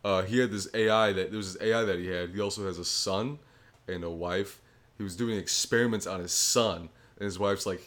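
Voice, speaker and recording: A man co-hosting a podcast, with a low voice, recapping a story in a rambling, profane casual chat. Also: fairly even intonation, a little fast, a bit bright. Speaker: podcast co-host.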